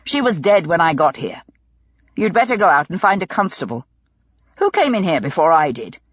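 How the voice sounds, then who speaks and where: A woman's voice: fairly low pitch, very animated, normal speed, slightly rough, no echo, muffled recording. Woman voicing a stern, impatient inspector. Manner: clipped, impatient, restrained. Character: stern weary male police inspector.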